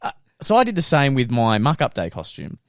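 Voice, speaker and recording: A man's voice: medium pitch, huge pitch swings, a little fast, no echo, clean studio sound. A young Australian man co-hosting a casual podcast, telling stories with laughs and banter. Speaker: podcast co-host. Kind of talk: casual chat.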